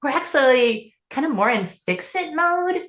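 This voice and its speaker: A woman's voice: sits high, lively intonation, a little slow, fairly bright tone. Earnest woman coaching parents, echoey room. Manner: earnest, explanatory, with frequent restarts and fillers. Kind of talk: conversational interview answer.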